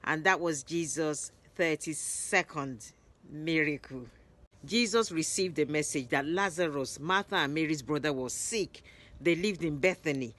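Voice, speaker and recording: A woman narrating Bible stories in a lively retelling, raising her voice for the quoted lines. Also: low voice, a little slow. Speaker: Bible storyteller.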